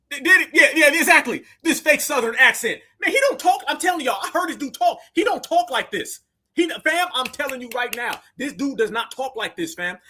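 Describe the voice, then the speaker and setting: A man's voice: extremely high pitch, bright, forceful tone. A man reacting to news clips in heated, slang-heavy commentary, mocking and scolding as he talks.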